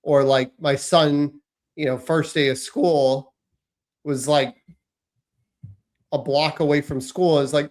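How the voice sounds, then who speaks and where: A man in his thirties with an American accent, co-hosting a casual podcast and telling animated stories about his kids. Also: a little high, slow, pauses often. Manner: animated storytelling, acts out his kids' lines. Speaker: podcast co-host. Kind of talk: casual chat.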